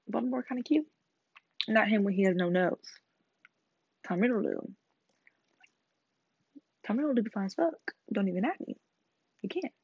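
A woman's voice: mid-range voice, dry recording. A teenage girl in a rambling, swearing, self-mocking chat to camera. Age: teens. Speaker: vlogger. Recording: slightly dull lo-fi sound.

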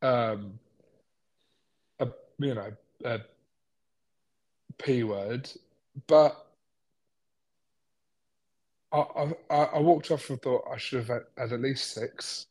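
Bloke chatting on a podcast, rambly, pokes fun at himself. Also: male voice, medium pitch, slow, long pauses, a little mellow, breathy edge. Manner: rambling, self-mocking storyteller. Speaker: podcast co-host. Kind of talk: casual chat.

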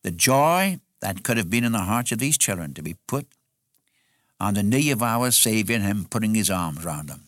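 A man's voice: on the low side, sing-song, normal speed, fairly bright tone, dry recording, studio quality. A man preaching an expository sermon in an earnest way, repeating phrases for emphasis.

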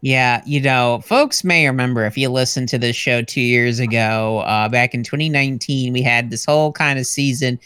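Bright, crisp, rambling male podcast co-host. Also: mid-range voice, fairly even intonation, dry recording. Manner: rambling, halting, full of "you know" and restarts. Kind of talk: casual comedy podcast banter.

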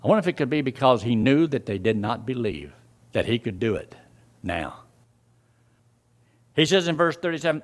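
A man's voice: medium pitch, big pitch swings, normal speed. A man preaching a sermon, reading scripture verses aloud and explaining them to his listeners. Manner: reads scripture aloud and explains it, voice rising and dropping sharply.

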